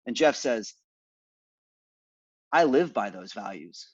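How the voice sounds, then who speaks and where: A man being interviewed, telling stories in a relaxed way and acting out the exchanges he quotes. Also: mid-range voice, slow pace, breathy edge, dry recording, dull audio. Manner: animated, acts out quoted exchanges. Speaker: multifamily investor guest. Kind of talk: conversational interview storytelling.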